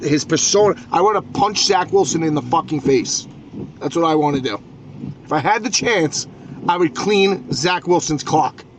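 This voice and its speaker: Male New podcast host, high voice, hot-headed profane sports rant, stammering restarts, noisy background. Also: lively intonation, moderate pace.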